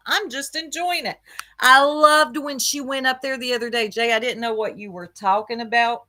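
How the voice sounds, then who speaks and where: A woman's voice: mid-range voice, pushed and bright. A woman hosting a casual livestream, gossiping with chat and greeting viewers by name, laughing often. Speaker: livestream host.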